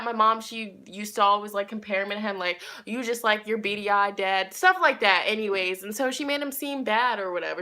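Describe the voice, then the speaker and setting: A young woman, a tarot reader and vlogger, has a mid-range voice with a sharp tone. She chats directly to her viewers in a rambling, casual storytime.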